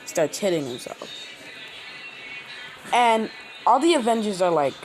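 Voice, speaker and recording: A man hosting his own channel, telling a fan-made story in a rambling, halting way with many restarts. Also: sits high, very animated, slight background noise, poor audio. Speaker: channel host. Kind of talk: casual fan-fiction storytelling.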